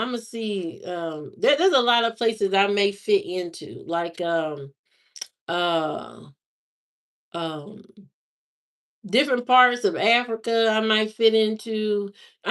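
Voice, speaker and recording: An Indiana woman with a medium-pitched, fairly bright voice hosts a livestream, casually chatting with and answering live viewers. She drawls in slangy language, repeating herself and using lots of fillers.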